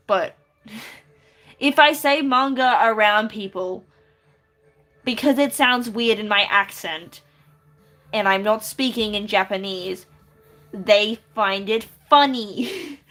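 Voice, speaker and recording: A woman's voice: medium pitch, a bit bright. A woman casually chatting on a live stream while she draws, giggling often and answering viewers with lots of restarts. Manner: giggly, chatty, reads chat aloud and answers with many restarts.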